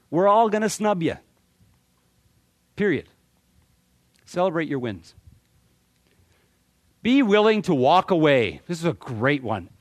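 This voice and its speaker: A middle-aged man from Canada speaks to a live audience. He is animated and joking, and his voice sits fairly high. He often stumbles and repeats words as he restarts, and the sound is dry and close. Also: no room sound. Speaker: motivational speaker.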